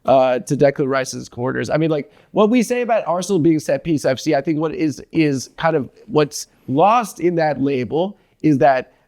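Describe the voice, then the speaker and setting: Rambling, joking American podcast co-host. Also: male voice, on the high side, expressive, normal speed, few pauses, darkish tone. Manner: rambling, profane, jokey. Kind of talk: casual sports chat.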